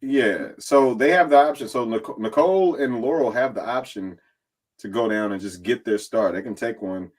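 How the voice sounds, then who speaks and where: A man sits in as a podcast guest and tells a behind-the-scenes story, loose and animated. He swears often and slips into the voices of the people he quotes. His pitch sits in the middle range for a man. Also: normal speed. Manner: animated and profane, acting out others' lines in quotes. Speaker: reality competition contestant and guest. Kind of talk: casual storytelling recap.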